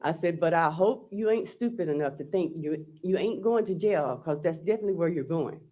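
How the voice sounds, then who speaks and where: A man's voice: a little high, lively intonation, a little fast, dark tone. A man testifying as a trial witness, recounting text messages and quoting what was said. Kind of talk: courtroom testimony.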